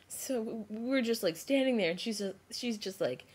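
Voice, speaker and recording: A young woman vlogging to a self-filmed camera, retelling a story in a rambling, animated way with lots of "like" and restarts. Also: on the high side, unhurried, slightly rough. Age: young adult. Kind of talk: casual storytelling vlog.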